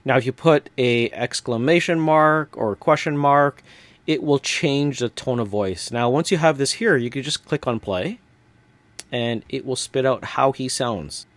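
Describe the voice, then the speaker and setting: Male tutorial host, step-by-step casual walkthrough, dry close sound, mid pitch. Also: a little slow, no echo. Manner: relaxed step-by-step narration with casual fillers. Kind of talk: screen-recorded software walkthrough.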